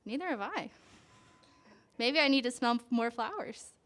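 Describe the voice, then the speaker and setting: A woman with a high voice reads a picture book aloud to children at a church service. She takes it slowly and gently, stopping often to ask the children questions. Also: lively intonation. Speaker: children's story reader.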